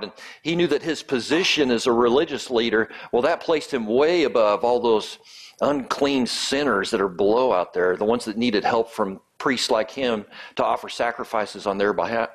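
A man preaching a sermon and acting out quoted lines in changing tones. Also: medium pitch. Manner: acts out quoted lines with shifting tone. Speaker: pastor.

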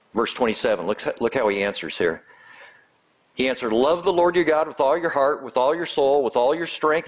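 Male pastor, mid-pitched, preaching with dramatic shifts for quoted lines. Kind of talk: sermon.

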